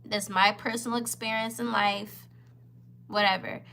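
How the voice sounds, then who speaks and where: A woman's voice: mid-range voice, little pitch movement, unhurried, creaky, pushed and bright. A woman in her twenties telling a story in a casual vlog. She talks candidly and straight to her viewers, and she often repeats her phrases. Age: 20s. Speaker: vlogger.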